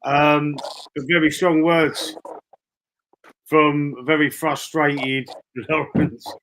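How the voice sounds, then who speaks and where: A man hosting a live fan stream, calmly reading out chat and moderating. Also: a little high, drawn-out words, slight background noise, poor audio. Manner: easygoing, reads chat aloud. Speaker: stream host.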